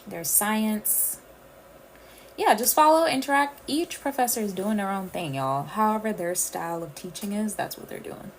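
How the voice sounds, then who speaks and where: A woman from the Caribbean hosts a casual livestream, talking straight to her viewers and calling them y'all. Her voice sits at an ordinary pitch with a gravelly, fry-laden edge. A faint hiss of room ambience runs underneath. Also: expressive, moderate pace, rough recording. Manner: chatty, addresses viewers as y'all. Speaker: livestream host.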